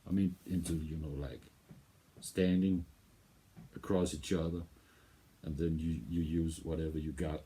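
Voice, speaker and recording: A man's voice: deep voice, warm tone, breathy edge. A man hosting a music reaction video, rambling in casual commentary and swearing freely.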